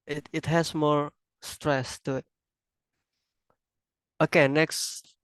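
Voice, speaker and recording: Slow halting man giving a class presentation. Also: on the high side, flat delivery, a bit bright, smooth, no room sound, rough recording. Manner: halting, self-correcting, non-native phrasing. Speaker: student presenter.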